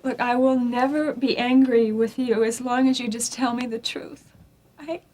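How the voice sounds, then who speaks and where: A woman's voice: fairly high pitch, steady tone, moderate pace, a little mellow, close to an everyday voice. An actress playing an earnest, determined mother talking with her son and a friend in a radio drama. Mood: tender. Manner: earnest, emotional.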